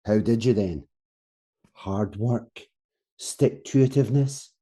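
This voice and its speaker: A man voicing a grumbling space soldier who mocks everything. His voice is dark and mellow, mid-pitched, the sarcasm laid on dry. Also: slow, slightly rough. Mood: sarcastic. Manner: sardonic, dry. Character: sarcastic rebellious male soldier. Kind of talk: audio comedy acting.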